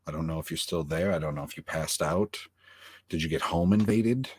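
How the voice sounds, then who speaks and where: A man co-hosting an online review show, telling stories in an animated, heavily profane way over a video call. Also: extremely low pitch, a little fast, breathy edge, dry recording, clean studio sound. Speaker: podcast co-host. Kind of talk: casual review chat.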